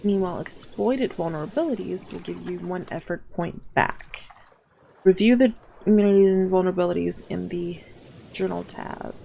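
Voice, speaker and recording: A woman's voice: lowish voice, normal speed, creaky, mellow, slight background noise. A woman hosting a let's play, reading on-screen game text aloud and breaking off into exasperated asides. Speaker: gaming channel host.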